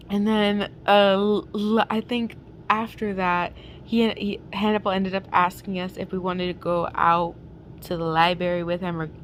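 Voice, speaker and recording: Young woman, casual fanfic reader, chatty and filler-heavy, home mic with light background noise. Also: mid-range voice. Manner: chatty, giggly, lots of fillers. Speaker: fanfic reader and channel host. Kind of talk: casual chat and reading a fanfic aloud.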